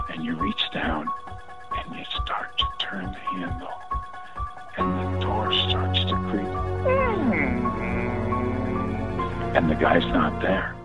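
Gravelly low-voiced man telling stories. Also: normal speed, pauses often, muffled recording, faint music behind. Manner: animated storyteller, frequent restarts, swears. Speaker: guest, actor. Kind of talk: casual anecdotal storytelling.

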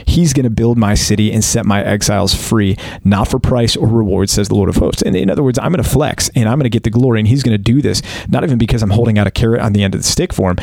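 An American man co-hosting a casual Bible discussion, thinking aloud and reading verses slowly and deliberately. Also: fairly low pitch, vocal fry, darkish tone, no echo. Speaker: podcast co-host.

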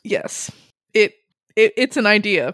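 A woman's voice: medium pitch, lively intonation, a little slow, fairly bright tone, dry recording, clean studio sound. A woman chatting casually and recapping a story game with a co-host, full of fillers and asides. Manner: chatty, lots of fillers and laughs.

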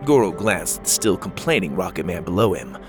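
Low-voiced male storybook narrator. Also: fairly quick, over music. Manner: steady, descriptive read-aloud.

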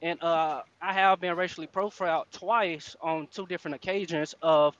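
A man telling his own experience in a live audio chat room, earnest and halting, with many fillers. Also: fairly high pitch, fairly even intonation, fairly bright tone, lo-fi sound. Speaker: room speaker.

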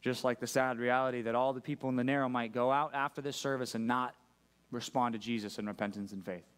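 A man's voice: mid-range voice, steady tone, quick pace, a bit bright, clear, resonant tone. A male pastor preaching a sermon to a church congregation, talking conversationally and often checking in with his listeners. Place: church service.

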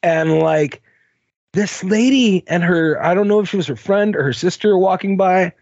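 A man's voice: high voice, normal speed, vocal fry, darkish tone, no echo, lo-fi sound. A man co-hosting a podcast, casually telling a long story, rambling, swearing and laughing along. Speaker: podcast co-host.

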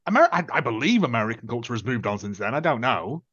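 A man co-hosting a casual film-review chat, telling the plot in a sarcastic, animated way. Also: mid-range voice, fast, dull audio. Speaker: podcast co-host.

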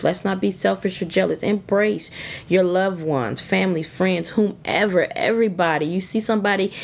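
Woman, deep voice, earnest and exhorting, relaxed devotional talk. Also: creaky. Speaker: devotional speaker.

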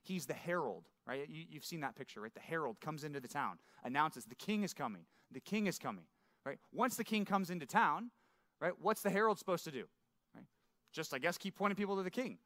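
A middle-aged male pastor with a bright, forceful voice and a slightly higher pitch, teaching scripture in a loose, conversational way. He keeps checking in with his listeners and tags his points with "right?" The recording is dry and close, with little room sound. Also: animated, a little fast, no room sound. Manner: asks the listeners questions, often tags lines with "right?". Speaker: pastor teaching a men's Bible study.

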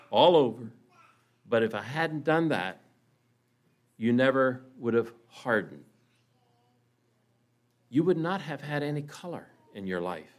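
Man doing a calm patient potter, low soft voice, slow and steady. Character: calm patient old master potter, firm.

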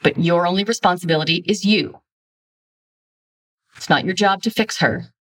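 Direct woman coaching, slightly low voice. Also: normal speed, fairly bright tone, recorded from a distance. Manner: direct, emphatic, blunt. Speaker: relationship coach. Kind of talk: instructional self-help talk.

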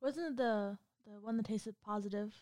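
A woman of middle pitch co-hosts a casual podcast. She is chatty and a little scattered as she nudges her partner along. The sound is dry and close. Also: moderate pace, darkish tone, no echo. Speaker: podcast co-host. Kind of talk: casual chat.

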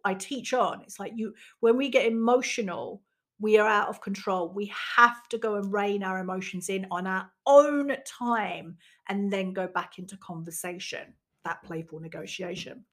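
A woman's voice: mid-range voice, a bit bright. A woman, a teacher of emotional skills, talking frankly and reflectively about her own experiences and swearing casually. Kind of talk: candid personal monologue.

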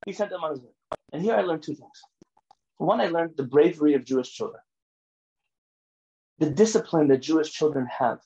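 A man with a fairly high voice gives a rabbi's lecture full of stories. He speaks in an animated, emphatic way and sometimes pushes close to a shout. The recording is dull and lo-fi. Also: fairly quick, long pauses. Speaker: rabbi teaching a class. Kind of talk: lecture with storytelling.

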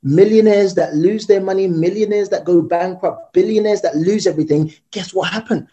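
Man guest, animated storyteller, dark mellow voice, quick delivery. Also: high-pitched, lo-fi sound. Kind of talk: storytelling interview talk.

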